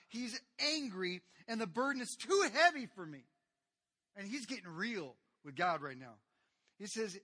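Animated high-voiced man preaching a sermon. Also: normal speed. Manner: swings from quiet to loud, animated retellings; addresses congregation directly as guys. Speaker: pastor.

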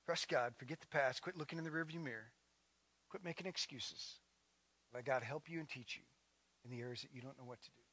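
A middle-aged man preaching a sermon as a pastor, building to loud, emphatic declarations and then easing into a soft, guided prayer. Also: mid-range voice, fairly quick, slightly rough, no room sound.

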